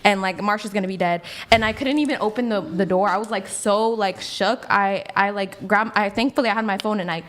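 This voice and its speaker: A woman's voice: medium pitch, a little fast, few pauses, fairly bright tone. A woman in her twenties telling a personal story in a casual, rambling way, filling her sentences with "like". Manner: rambling, heavy use of "like". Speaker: guest.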